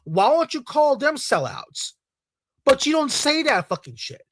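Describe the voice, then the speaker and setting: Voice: sits high, sing-song, measured pace, fairly bright tone, no room sound. A video creator ranting in a heated, profane way, repeating points over and over. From Latino community in the United States. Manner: angry, profane, repetitive rant.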